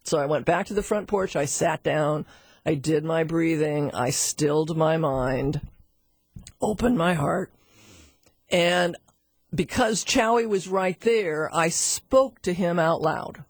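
A middle-aged woman teaching animal communication through a chatty, animated personal story, with frequent asides to her listener. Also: low-pitched, slow pace, husky, no echo, clean studio sound. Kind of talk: storytelling lesson.

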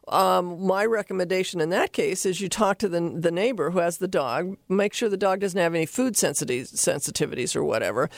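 A woman hosting a radio talk show, giving animated, rambling dog behavior advice from a studio. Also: on the low side, dry recording.

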